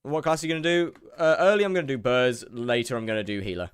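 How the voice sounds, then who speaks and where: A man's voice: medium pitch, quick pace, smooth, dry recording, clean studio sound. A young man chatting casually while he streams a game, rambling, repeating words and answering his chat.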